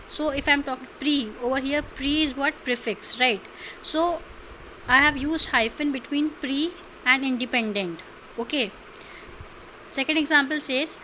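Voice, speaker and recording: Bright-voiced Indian English woman teacher. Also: high-pitched, slight background noise, rough recording. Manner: slow, explanatory, repeats and quizzes with "understood?". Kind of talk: classroom grammar lesson.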